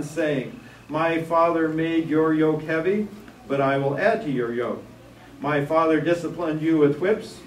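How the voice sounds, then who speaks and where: A man teaching a Sunday school Bible class, animated and full of joking asides. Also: a little high. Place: church classroom. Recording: echoey room, distant mic, faint hiss.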